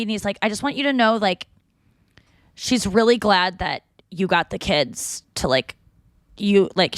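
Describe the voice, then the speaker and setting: A woman's voice: medium pitch, fairly bright tone, dry recording. A woman hosting a podcast, telling a rambling story and acting out the people in it in casual chat. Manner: rambling storyteller, acts out quoted voices. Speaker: podcast host.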